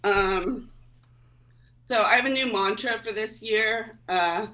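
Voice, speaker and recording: Woman stand-up, rambling and hesitant, bright voice, heard from a distance. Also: mid-range voice, measured pace. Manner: rambling and hesitant, lots of ums. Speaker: stand-up comic. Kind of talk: stand-up set at an online open mic.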